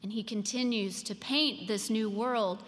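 A woman preaching a sermon, slow and deliberate, leaning on emphatic pauses to land her points. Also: mid-range voice, steady tone, fairly bright tone. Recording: long reverb of a large hall.

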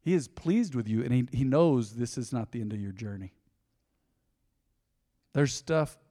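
A male pastor preaching a sermon, telling a personal story in a conversational way, swinging between loud emphasis and soft asides. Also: medium pitch. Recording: long reverb of a large hall.

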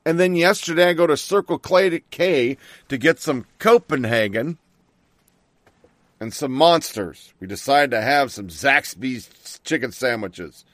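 A man's voice: mid-range voice, animated, measured pace, a bit bright, no echo. A middle-aged man hosting a talk show, ranting bluntly and angrily with plenty of swearing. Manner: angry, blunt and profane ranting. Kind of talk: opinionated talk radio monologue.

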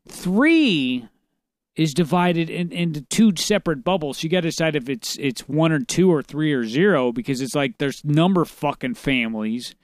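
A man hosting a podcast in casual chat, excitable, rambling and profane. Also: a little high, moderate pace, no room sound, studio quality. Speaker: podcast host.

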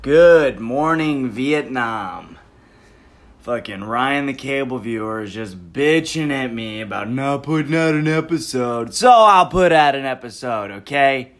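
A young man with a mid-pitched voice hosts a solo podcast rant. He rambles and swears freely, laughing often, and swings from loud outbursts to low mumbling. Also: expressive, normal speed, hardly any pauses. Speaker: podcast host.

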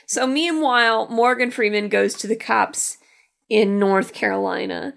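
A woman's voice: fairly high pitch, fairly even intonation, a little slow, vocal fry, fairly bright tone. A woman co-hosting a podcast, commenting wryly and skeptically on a film. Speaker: podcast co-host. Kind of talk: casual film discussion.

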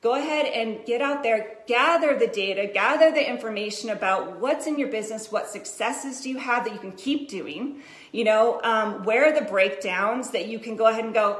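A woman's voice: fairly high pitch, normal speed. A woman in her thirties, a business coach, telling a chatty motivational story to her viewers with many "right?" asides. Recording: echoey room.

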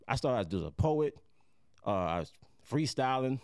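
A man's voice: mid-range voice, big pitch swings, moderate pace, a little mellow, clear, resonant tone, no room sound, studio quality. A man from Jamaica, a guest musician, talking casually and at length on a podcast, with a laid-back, rambling manner. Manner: laid-back, rambling, fond of "you know what I'm saying".

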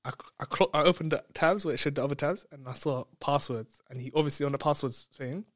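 An excitable man tells a story in casual chat, laughing often and tripping over repeated words. His voice sits a little high. The sound is close and dry. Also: fast, dry recording.

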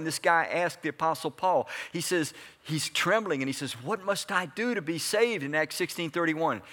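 A man's voice: on the high side, fairly bright tone. A man preaching a sermon in a conversational way, asking his congregation questions and answering them. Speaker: pastor. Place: church hall before a congregation.

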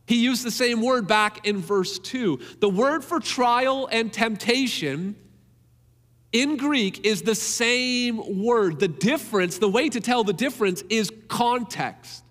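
A man's voice: extremely high pitch, slow pace, a bit bright, in a large hall. A man preaching a sermon in an earnest, emphatic way, repeating key phrases to drive them home.

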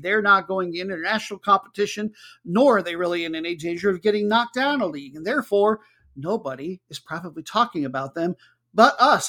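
Male podcast host, casual and wry, chatty with ums and uhs, higher voice. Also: fairly bright tone. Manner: jokey, chatty, with filler words. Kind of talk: casual chat.

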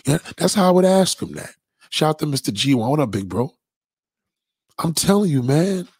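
A man's voice: on the high side, very animated, moderate pace, a little mellow, husky, no room sound, studio quality. A man hosting a blunt, profane ranting monologue to his viewers. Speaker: host.

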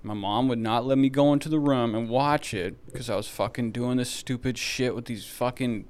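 A man's voice: mid-range voice, moderate pace, clear, resonant tone. Profane, rambling man in his thirties with a resonant voice. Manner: profane, rambling, animated storytelling. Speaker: podcast co-host. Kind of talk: casual movie review chat.

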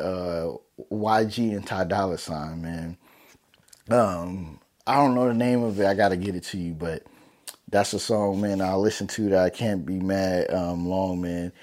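In a fairly low, darkish voice at a measured pace, a young vlogger talks to camera with casual motivation for his viewers. His style is loose, slangy and heartfelt, with frequent fillers like "man" and "you know."

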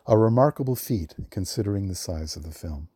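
A man reading a prepared film history at a measured storytelling pace, lifting his voice for the quotes he reads. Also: fairly low pitch, animated, dark tone, husky, no echo, studio quality. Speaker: film librarian guest.

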